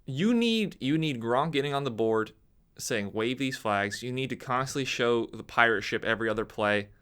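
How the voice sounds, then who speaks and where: A young man delivering an opinionated sports rant straight to the camera. His voice is bright and forward, and he gets animated, jumping higher in pitch whenever he mocks someone. He sounds like a fired-up commentator arguing his case. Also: normal speed, clean tone. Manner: animated, ranting, voice leaps up when mocking others. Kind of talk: opinionated sports talk monologue.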